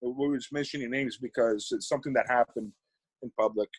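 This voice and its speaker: Animated man on a podcast, dry sound. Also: medium pitch, a little fast, slightly rough, no room sound, poor audio. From Panama. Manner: animated, repeats words while thinking. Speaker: podcast guest. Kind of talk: casual interview chat.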